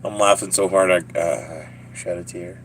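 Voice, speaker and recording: A man's voice: deep voice, steady tone, a little slow, fairly bright tone, slight background noise. A man with a Southern US accent chatting casually on a live stream, joking and laughing often as he rambles to his viewers.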